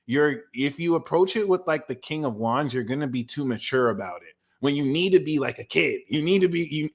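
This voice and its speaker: A man giving a casual, animated tarot reading, talking straight to his viewers with slangy asides. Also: a little high, brisk, breathy edge. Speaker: tarot reader.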